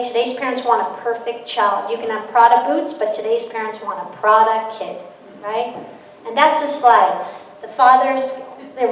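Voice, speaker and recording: A middle-aged woman gives an animated parenting talk, slipping into quoted voices and stories. Her voice sits a little high and sounds a bit distant, carried by a long, echoing hall reverb with faint room noise behind it. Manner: storytelling with quoted voices and laughter. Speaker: guest speaker on parenting. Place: large hall.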